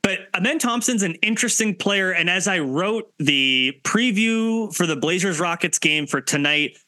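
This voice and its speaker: Man, high voice, swooping pitch, bright tone, dry close sound, chatty sports podcast host. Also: moderate pace, no room sound. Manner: animated and talkative, cuts in often. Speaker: podcast co-host and team site writer. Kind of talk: casual sports podcast chat.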